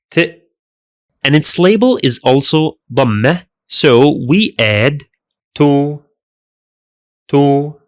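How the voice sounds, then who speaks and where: A man's voice: a little high, no echo, studio quality. A man teaching a pronunciation lesson in careful scripted narration, repeating each sound twice. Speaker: language teacher.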